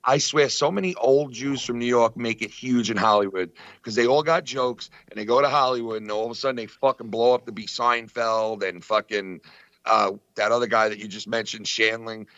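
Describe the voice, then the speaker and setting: A man chatting casually on a podcast, telling stories in an excitable, profane way with lots of fillers. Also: medium pitch, moderate pace, no room sound, lo-fi sound. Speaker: podcast co-host. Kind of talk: casual chat.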